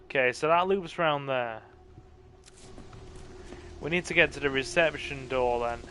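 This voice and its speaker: A man's voice: medium pitch, measured pace, a bit bright, slight background noise. A tired man hosting a let's play, giving chatty, joking gameplay commentary. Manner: joking, chatty, self-deprecating. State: tired, yawning.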